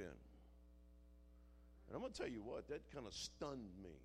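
A man preaching a sermon, moving from quiet storytelling to shouted, dramatic passages. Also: mid-range voice, huge pitch swings, takes it slowly, long pauses, a little hiss or hum.

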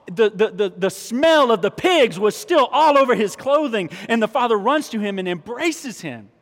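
A man preaching a sermon as pastor, animated and emphatic, often restarting his phrases. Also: high voice, moderate pace, hardly any pauses. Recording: long reverb of a large hall.

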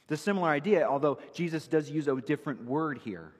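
A male pastor delivers an emphatic expository sermon, walking through scripture verse by verse. His voice is husky, and his pitch swings widely as he drives each point home. The sound carries a long reverb from a large church hall. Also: animated, quick pace.

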